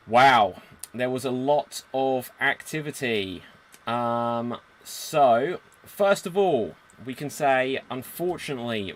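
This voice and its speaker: A man's voice: medium pitch, takes it slowly. A man with a British accent hosting a live improv game as game master, upbeat and theatrical.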